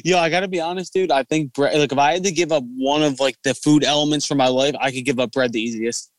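Lowercase: casual podcast host dude, bit high-pitched, dry close sound, rambling and cursing. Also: male voice, steady tone, quick pace, no echo. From Philadelphia area. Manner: loose, swearing, laughing storyteller. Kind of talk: casual chat.

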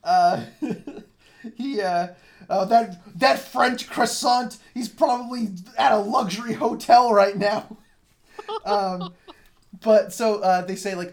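A man's voice: sits high, slow pace. Laughing, crude-mouthed man reviewing a film. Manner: laughing often, crude and sarcastic. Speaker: podcast co-host. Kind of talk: casual movie review chat.

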